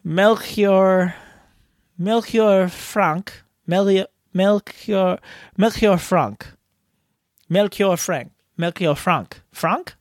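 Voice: medium pitch, very slow, no room sound, clean studio sound. A podcast host reading a script, stumbling over hard names, restarting lines and mocking their own flubs. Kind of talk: reading a script, blooper takes.

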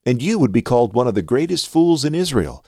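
A man's voice: mid-range voice, big pitch swings, fairly quick, darkish tone, slightly rough, no room sound, clean studio sound, pitched above the performer's own voice. A man reading the lines of a young woman pleading in distress, in an urgent voice.

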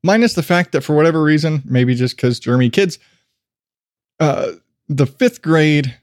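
A man's voice: fairly high pitch, animated, normal speed, no room sound, studio quality. A middle-aged man hosting his own podcast, rambling casually and laughing at himself, with frequent swearing. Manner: self-deprecating, swears freely, laughs often. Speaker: podcast host.

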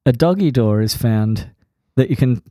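A man co-hosting a podcast, chatting casually and joking with quick asides. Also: mid-range voice, expressive, mellow, dry recording, clean studio sound. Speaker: podcast co-host.

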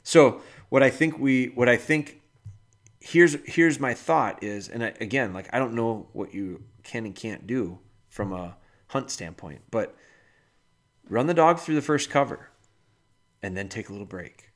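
A man talks through dog-training advice in a relaxed podcast chat. He leans on everyday analogies and addresses the listener directly. His pitch sits in an ordinary middle range for a man. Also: measured pace.

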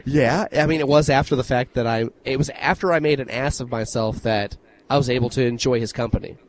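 A man co-hosting a podcast, telling stories in an animated, casual way and swearing freely. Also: medium pitch, fairly quick, a little hiss or hum, poor audio. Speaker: podcast co-host. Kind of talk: casual chat.

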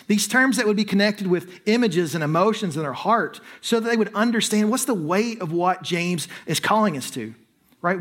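A man's voice: high-pitched, fairly bright tone. A man preaching a sermon, explaining scripture in a conversational way and often checking in with the congregation. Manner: conversational preaching with frequent "right?" asides. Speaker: pastor.

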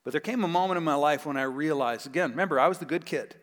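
A man preaching a sermon as pastor, telling a Bible story with animated acted-out voices. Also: a little high, fast talker. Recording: long hall reverb.

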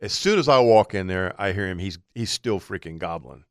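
A man's voice: sits low, expressive, fairly quick, no room sound. A man co-hosting an outdoor radio show, telling a hunting story and acting out his own thoughts in a studio.

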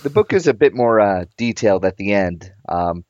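A man's voice: on the low side, lively intonation, moderate pace, darkish tone. A man in a casual chat, laying out nerdy detail in an explanatory way. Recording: dull, lo-fi mic.

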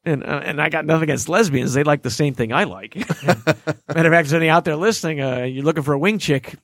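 A man, a stand-up comedian, telling stories in a casual interview, lively and jokey, acting out voices and laughing often. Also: on the high side, quick pace, no room sound. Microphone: studio microphone and headphones.

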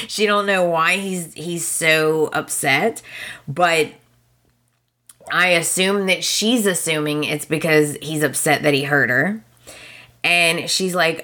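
A woman's voice: low-pitched, takes it slowly, bright, forceful tone. A woman hosting a podcast, recapping a soap opera in a gossipy, exasperated way and talking straight to her listeners. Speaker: podcast host.

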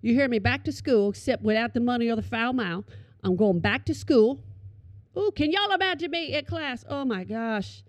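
A middle-aged woman telling comic stories to an audience, animated and calling them y'all. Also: fairly high pitch, normal speed, dry recording. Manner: animated, addresses listeners as y'all. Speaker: storyteller.

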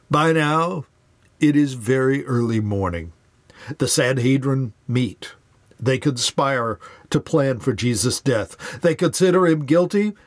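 An earnest male storyteller at a middle pitch, recorded close and dry with no room sound. He retells scripture in a measured, scripted way, lifting his voice for quoted lines. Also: no echo. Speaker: Bible storyteller. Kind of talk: scripted retelling of Bible narrative.

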